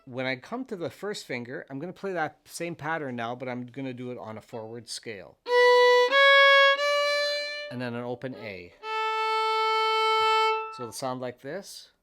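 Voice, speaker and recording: A man talks through a fiddle lesson in an easy, patient way, counting out beats and naming fingers one by one. His voice sits at an ordinary middle pitch, and loud fiddle playing comes in between his explanations. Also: normal speed, long pauses, loud music behind the voice. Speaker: fiddle teacher. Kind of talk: step-by-step instrument lesson.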